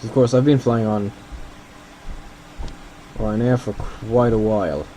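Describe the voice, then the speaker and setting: Man from Ireland, casual game host, dark mellow voice, faint hum in the background. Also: fairly low pitch, fairly even intonation, slow. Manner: rambling, self-deprecating, thinking aloud. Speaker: gaming video host. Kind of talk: casual gameplay commentary.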